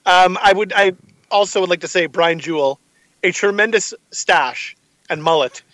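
A man's voice: high-pitched, a bit bright, no room sound. A man co-hosting a podcast, chiming in with enthusiastic agreement and jokes about old wrestling shows. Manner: enthusiastic, quick agreeing interjections, joking. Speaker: podcast co-host. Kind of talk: casual chat reviewing old wrestling shows.

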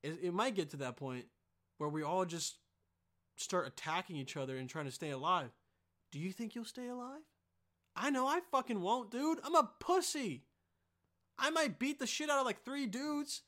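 A man's voice: high voice, animated, moderate pace, pushed and bright. A young man vlogging to camera in a profane, rambling, heated rant full of fillers.

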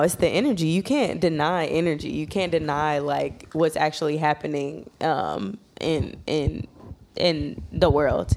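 Low-voiced animated woman podcast co-host. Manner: animated, echoes her co-host, acts out quotes. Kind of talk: casual chat.

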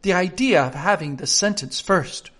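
A man's voice: high-pitched, normal speed, a bit bright, voice pushed up. A man doing a bold, defiant young girl. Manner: pert, defiant. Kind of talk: storybook reading.

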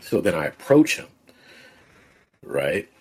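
Low husky-voiced man telling a story. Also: takes it slowly. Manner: relaxed, rambling storyteller with many fillers. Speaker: podcast guest. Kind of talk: casual conversational storytelling.

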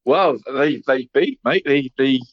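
A man's voice: medium pitch, a little slow, no echo. A man, co-hosting a casual football podcast and rambling along, calling his friend "mate" in nearly every sentence. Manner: rambling, says "mate" constantly, laughs often. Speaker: podcast co-host. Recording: dull, dry sound.

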